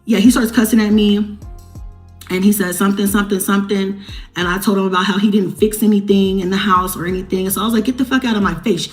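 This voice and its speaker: A woman's voice: medium pitch, level tone, fast, soft background music. A woman vlogging, telling a story to her viewers in a blunt, heavily profane, emphatic way. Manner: talks straight to viewers. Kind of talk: casual storytelling to camera.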